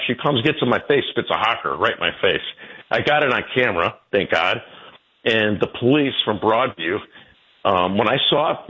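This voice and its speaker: A man in his sixties, a guest telling stories in a rambling way, his pitch jumping about as he goes. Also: slightly rough. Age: 60s. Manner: rambling storyteller, jumping pitch, laughs between. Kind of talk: casual interview talk. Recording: tinny phone line.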